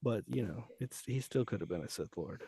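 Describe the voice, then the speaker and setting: A man's voice: lowish voice, expressive, a little fast, vocal fry, mellow, breathy edge, dry recording. A male guest voice actor chatting casually on a podcast in a laid-back, surfer-dude way.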